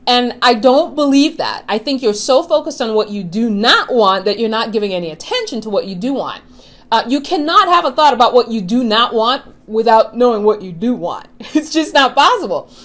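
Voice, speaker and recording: A middle-aged woman coaching viewers in an earnest motivational talk. She is emphatic and slows down to stress key phrases. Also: a little high, expressive, fairly bright tone. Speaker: law of attraction coach and show host.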